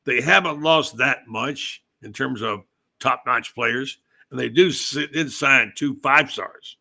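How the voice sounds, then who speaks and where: A male podcast host in casual sports chat, telling his points in a loose, rambling way. His voice is gravelly with a bright, forward edge, sitting at an ordinary male pitch. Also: a little slow. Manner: rambling, conversational storyteller.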